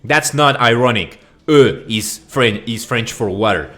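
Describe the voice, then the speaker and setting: A man's voice: mid-range voice, a little slow, bright, forceful tone. A man from Mexico giving a profane, mock-outraged and rambling comedic rant over slides. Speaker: video essayist.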